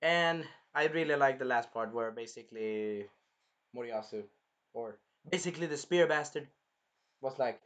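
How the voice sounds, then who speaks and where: A young man reviewing an anime episode in casual, animated chat, swearing freely as he talks. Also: medium pitch, normal speed. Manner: animated, swears, acts out scenes in funny voices.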